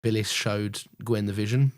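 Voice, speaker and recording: A man's voice: on the low side, steady tone, moderate pace, darkish tone. A young man co-hosting a podcast, chatting casually in a rambling, sweary way that keeps breaking off and restarting. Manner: sweary, rambling, self-interrupting. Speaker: podcast co-host. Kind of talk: casual chat.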